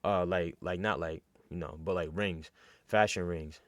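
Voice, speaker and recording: Deep-voiced young man telling a story. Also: unhurried, dry recording. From New York. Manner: animated, slangy, full of fillers and restarts. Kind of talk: casual storytelling.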